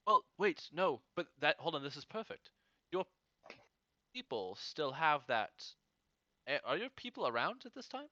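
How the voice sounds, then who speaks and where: A man playing a tabletop game, joking and animated, cutting in with ideas. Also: on the high side, no room sound, lo-fi sound. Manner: animated, joking, quick to interrupt. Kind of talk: casual in-character chat.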